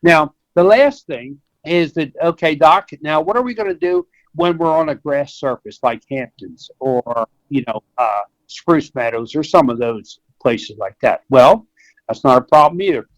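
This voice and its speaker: A man's voice: fairly high pitch, very animated, measured pace, vocal fry, no echo, dull audio. An older American vet, telling stories in a folksy way in an interview and acting out the people he quotes. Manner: folksy storyteller, acts out quoted voices. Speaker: veterinarian guest. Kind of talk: conversational interview.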